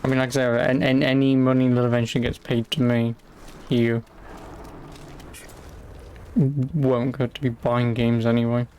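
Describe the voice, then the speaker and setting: A man's voice: medium pitch, level tone, moderate pace, long pauses, a little mellow, lo-fi sound, slight background noise. A young British man streaming a game, casually bantering with his chat, sarcastic and swearing. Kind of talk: casual live-stream chat while playing.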